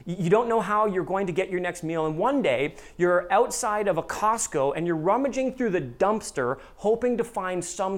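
Preaching with lively expression, a pastor delivers his sermon. When he quotes others his voice rises and grows animated, while his earnest appeals drop soft and low.

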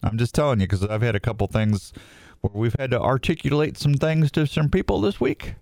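A man's voice: medium pitch, brisk, gravelly, darkish tone, dry recording. A man from Missouri hosting a radio show in casual, joking, rambling talk, a little sleep-deprived.

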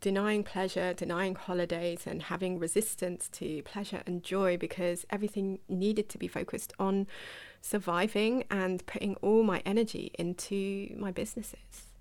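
A woman's voice: mid-range voice, steady tone, moderate pace, darkish tone. A woman hosting a solo podcast, talking in a chatty, digressive way and asking the listener questions. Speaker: podcast host. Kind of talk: reflective solo podcast talk.

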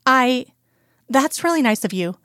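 A woman voicing a weary, reluctant female agent in a story reading, flat and tired. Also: high-pitched, unhurried, dry recording, clean studio sound, pitched above the performer's own voice, heavily acted.

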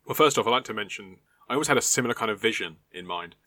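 Bright-toned man, rambling. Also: on the low side, lively intonation, very fast, dry recording. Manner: rambling, hesitant, many fillers. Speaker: podcast co-host. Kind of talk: casual chat.

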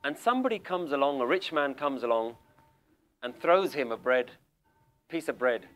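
A man's voice: mid-range voice, expressive, moderate pace, a bit bright. A man giving a religious lecture to a seated group, challenging listeners with direct questions and telling a story. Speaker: Sikh lecturer. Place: room with people sitting around.

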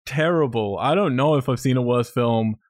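A man's voice: medium pitch, normal speed, no room sound. Male podcast co-host, blunt and sweary, dry recording. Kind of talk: casual film review chat.

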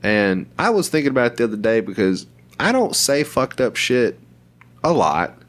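A man chatting loosely on a podcast, his voice sitting at an ordinary middle pitch. He swears freely, laughs through his stories, and slips into lively voices for the people he quotes. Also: moderate pace. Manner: profane, laughs often, animated storytelling. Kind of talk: casual podcast chat.

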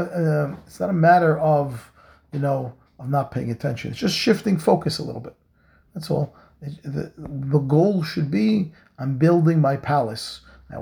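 A rabbi teaches a Torah lesson in a heavily gravelly voice that sits a little high for a man. His tone is mellow and dark. He speaks earnestly, drives points home by repeating phrases, and mixes Hebrew terms into his English.

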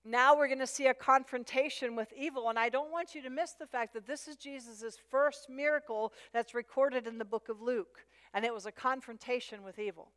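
A woman's voice: fairly high pitch, a little fast, hardly any pauses, a bit bright. A woman preaching a sermon with emphasis, repeating her key phrases. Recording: long hall reverb.

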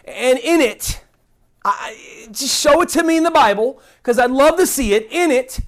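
A woman's voice: sits high, lively intonation, measured pace. A woman giving an earnest online Bible teaching, indignant and emphatic, repeating words for stress.

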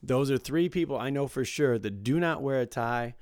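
A man from the Detroit suburbs in casual chat, chiming in with short relaxed reactions. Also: mid-range voice, normal speed, no echo, clean studio sound. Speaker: podcast co-host.

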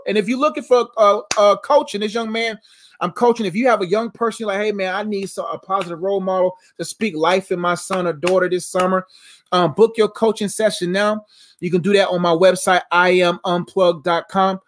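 A man's voice: sits high, brisk. Earnest preachy man on a live stream. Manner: earnest, preachy, repetitive phrasing. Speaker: Christian life coach.

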